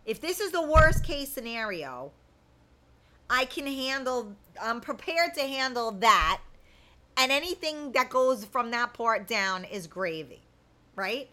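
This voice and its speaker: A woman's voice: a little high, sing-song, slow, sharp tone, rough recording. A woman chatting casually as a host, reading viewer comments aloud and laughing often. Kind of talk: casual chat.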